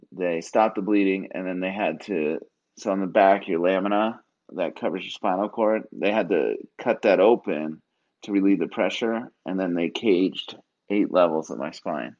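A man's voice: sits low, a little mellow. A man in his thirties, a guest earnestly telling a personal story in casual talk and acting out the dialogue. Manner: earnest, reenacts dialogue in voices. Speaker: guest, Marine Corps veteran. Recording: dull lo-fi recording.

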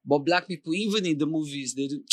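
A man with a Nigerian accent chatting on a podcast, his voice sitting a little high for a man. He teases his co-host in a playful tone. He stretches his phrases out as he talks. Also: fast talker, husky. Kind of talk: casual chat.

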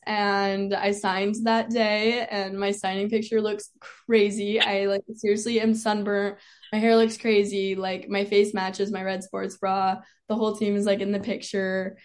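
A young woman tells a personal story as an interview guest. She chats casually, her voice sitting at an ordinary middle pitch, and she fills her sentences with "like" and frequent laughs. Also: flat delivery, normal speed, darkish tone. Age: young adult. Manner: chatty, peppered with "like", laughs often. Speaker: guest, college cheerleader.

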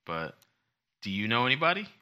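A man's voice: medium pitch, very animated, a little fast, bright, forceful tone, clean tone. A man co-hosting a casual chat show, joking around and acting out little scenes. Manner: jokey, acts out little scenes in funny voices. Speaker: podcast co-host.

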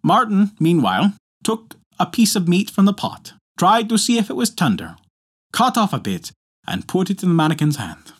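Expressive male folktale storyteller. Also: sits high, moderate pace, breathy edge. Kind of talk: folktale narration.

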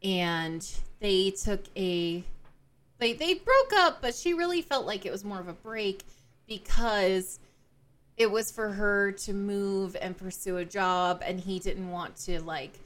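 A woman podcast co-host casually recapping a novel, telling the story in an animated way with frequent laughs and fillers. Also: mid-range voice, takes it slowly. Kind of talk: casual book-club chat.

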